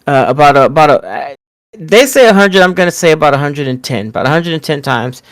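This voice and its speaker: A podcast co-host recapping a wrestling show in casual chat, animated and full of fillers and restarts. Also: mid-range voice, fast talker, dry recording.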